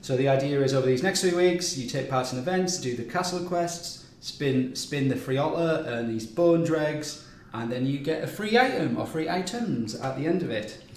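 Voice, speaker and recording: A man's voice: medium pitch, expressive, moderate pace, hardly any pauses. A man hosting a game live stream, running through upcoming events in a loose, chatty way with plenty of ums and restarts. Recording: echoey room with faint noise.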